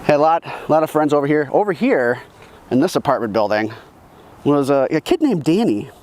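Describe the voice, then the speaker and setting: Guy vlogging around his old neighborhood, kinda high voice, swears a lot, rambles and fixes his words, bit of outside noise. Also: big pitch swings, fairly quick, darkish tone. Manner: rambling, profane, self-correcting. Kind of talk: casual storytelling vlog. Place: outdoors, then in his car.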